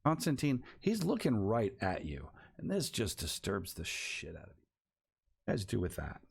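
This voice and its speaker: A man's voice: lowish voice, wildly swooping pitch, moderate pace, creaky, breathy edge. A man narrating a tabletop horror game as game master, building suspense and sometimes dropping to a whisper.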